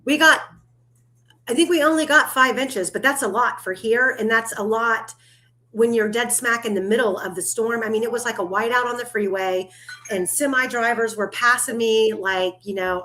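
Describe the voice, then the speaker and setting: A woman's voice: on the high side, normal speed, pushed and bright. A woman hosting a casual livestream chat, talkative and loose, swearing now and then and laughing often. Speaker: livestream host.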